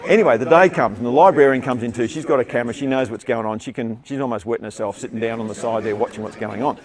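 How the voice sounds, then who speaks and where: Older man, australian accent, stage storyteller, animated, acts out the voices, middle pitch. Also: fast talker. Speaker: storyteller, former teacher. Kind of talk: live storytelling to an audience. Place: theatre stage.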